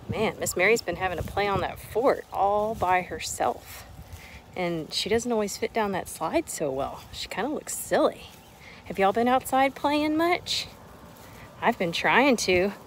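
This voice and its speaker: A woman, teaching preschoolers a letter lesson outdoors in a sing-song, animated way. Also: a little high, poor audio. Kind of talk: children's lesson to camera. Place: outdoors in a yard with a lawnmower nearby. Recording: outdoor noise, lawnmower behind.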